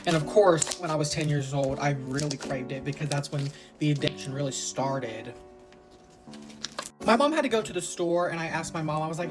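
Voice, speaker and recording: Woman, lowish voice, casual storytime, crude jokes, music in the background. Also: a little fast. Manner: crude, joking, lively quoting of others.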